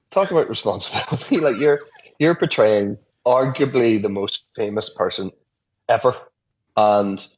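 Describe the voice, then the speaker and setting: A man's voice: lowish voice, a little mellow, muffled recording, slight background noise. A man, an actor, chatting casually in an interview from his apartment, laughing easily and restarting sentences.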